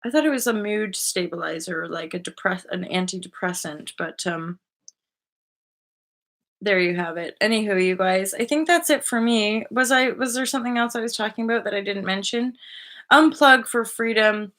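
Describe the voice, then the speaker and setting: Bright-voiced woman chatting on a live stream. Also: mid-range voice. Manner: chatty and spiritual, with fillers and quick asides. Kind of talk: casual live-stream chat to viewers.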